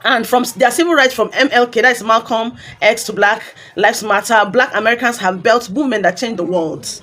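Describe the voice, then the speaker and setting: Earnest female lecturer, Nigerian accent, high-pitched voice. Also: fairly quick, a bit bright. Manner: earnest, lecturing, lists examples. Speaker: commentator. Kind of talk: explanatory commentary.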